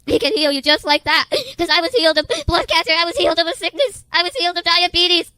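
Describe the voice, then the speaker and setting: A woman's voice: very high voice, quick pace, pushed and bright, dry recording, poor audio. A woman giving an emotional religious testimony, tearful and repetitive, often breaking into crying.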